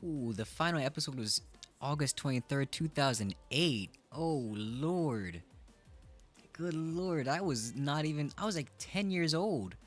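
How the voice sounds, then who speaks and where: A man's voice: fairly high pitch, lively intonation, measured pace, faint music behind. A man in his twenties chatting casually on a live stream, playful and joking at his own expense. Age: 20s. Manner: playful, joking, self-mocking. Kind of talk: casual chat.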